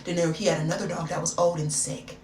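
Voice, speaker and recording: A woman telling a personal story in a casual storytime style, animated and slangy, calling the listener "baby" and "girl". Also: fairly low pitch, fast. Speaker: storyteller, video creator. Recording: roomy, distant mic, noisy background.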